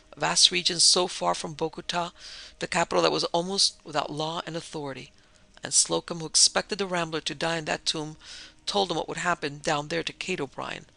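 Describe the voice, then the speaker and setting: A man's voice: fairly high pitch, creaky, pushed and bright, no echo. A man narrating a pulp adventure story in a dramatic, scripted storytelling style, close to the mic. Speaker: audiobook narrator.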